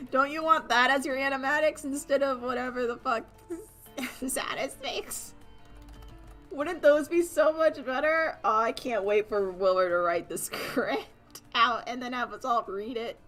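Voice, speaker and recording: A woman's voice: high-pitched, unhurried, pushed and bright, soft background music. A young woman chatting casually on a livestream, giggly and rambling with lots of fillers. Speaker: streamer and artist.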